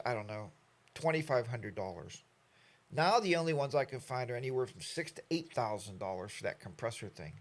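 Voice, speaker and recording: A middle-aged man hosts a casual live stream from the United States. He talks in a loose, rambling way and reads viewer comments aloud. His voice sits at an ordinary mid pitch. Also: a bit bright.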